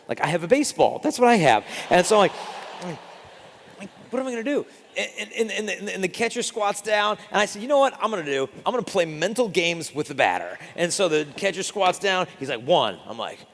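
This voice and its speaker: A man giving a live talk as a Catholic speaker, telling lively stories and acting out the quotes. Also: fairly high pitch, in a large hall. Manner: animated storyteller acting out quotes.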